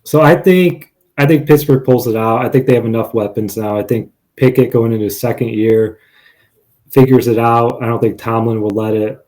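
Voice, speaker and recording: A man's voice: medium pitch, moderate pace, a little mellow. Confident male sports podcast co-host. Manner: confident, lists stats, wry asides. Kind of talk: casual sports betting chat.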